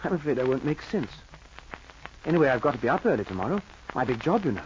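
A meek, stammering suitor, played by a man in an old radio play, halting and restarting as he speaks. His voice is mid-pitched. The broadcast is muffled, with a faint hiss. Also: big pitch swings, lightly acted. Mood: shy, earnest. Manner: hesitant and stammering, many restarts. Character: meek, shy male con man courting a lonely woman. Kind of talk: 1940s radio acting.

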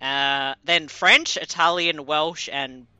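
Sharp bright-voiced woman podcaster. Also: sits low, slow, smooth, no room sound. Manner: playful, swears freely, teasing. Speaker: podcast co-host. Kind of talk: casual podcast banter.

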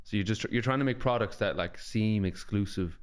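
Low, smooth-voiced Irish man. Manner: quick, storytelling banter. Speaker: podcast co-host, comedian. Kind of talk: casual chat.

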